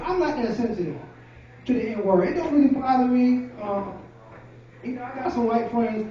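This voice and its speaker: A man's voice: very high voice, moderate pace. A man from Rochester, New York, telling loose, profane stand-up stories at a café open mic. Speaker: stand-up comedian. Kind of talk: stand-up comedy set. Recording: echoey, lo-fi room from far off.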